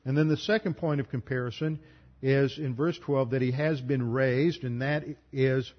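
A man lectures as a Bible teacher, building his points one careful step at a time and pausing to spell out terms. His voice sits at a middling pitch. The recording sounds dull and lo-fi. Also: fairly even intonation. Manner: methodical, explanatory, spells out terms. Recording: muffled lo-fi recording.

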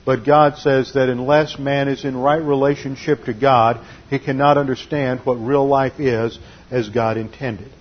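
Guy preaching a sermon, kinda husky, unpacks greek words as he goes, muffled lo-fi sound. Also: mid-range voice, steady tone, unhurried. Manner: teaching, explains Greek and Hebrew word meanings.

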